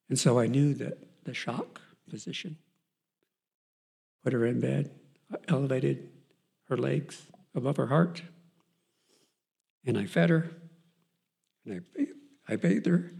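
Gravelly-voiced older man giving testimony. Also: medium pitch, a little mellow. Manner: earnest, halting storytelling with restarts. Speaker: speaker giving a Christian testimony. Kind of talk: reading a letter aloud, then telling a personal story.

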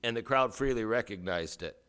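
A man preaching a sermon as a pastor, emphatic, with rhetorical questions and dramatic pauses. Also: on the low side, fairly bright tone, clear, resonant tone.

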